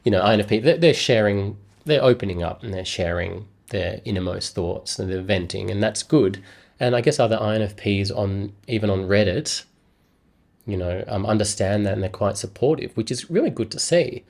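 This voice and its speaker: A man's voice: lowish voice, normal speed, vocal fry, darkish tone. A man talking to camera in a casual, rambling, self-deprecating vlog. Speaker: YouTuber.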